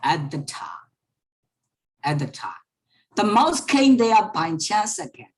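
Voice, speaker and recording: Slow, patient woman teacher. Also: mid-range voice, sing-song. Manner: slow, repeats each sentence and explains words. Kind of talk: reading a story aloud to an online class. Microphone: online class microphone.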